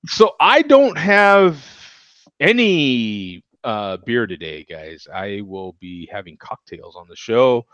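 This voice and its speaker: A man's voice: mid-range voice, big pitch swings, takes it slowly, fairly bright tone, no room sound, muffled recording. A man hosting a casual beer chat show, talking loosely and chuckling as he rambles. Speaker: host.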